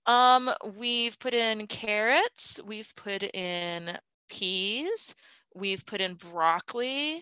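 30s mom chatting away, lots of ums and laughs, crisp bright tone. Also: female voice, mid-range voice, very slow, no echo, low-quality recording. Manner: chatty, laughing often, many fillers. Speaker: interviewee, gardening parent. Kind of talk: casual interview chat.

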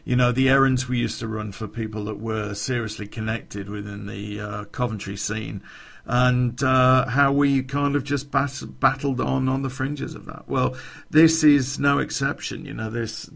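A man's voice: medium pitch, flat delivery, moderate pace, creaky, fairly bright tone. A man telling a rambling podcast anecdote, chuckling and swearing as he goes. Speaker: podcast storyteller.

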